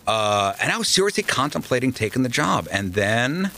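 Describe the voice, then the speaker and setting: A man, a radio DJ, telling animated stories in a casual interview and acting out the people he quotes. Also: mid-range voice, moderate pace, vocal fry, slight background noise. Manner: animated anecdotes, acts out quoted voices. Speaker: radio DJ guest.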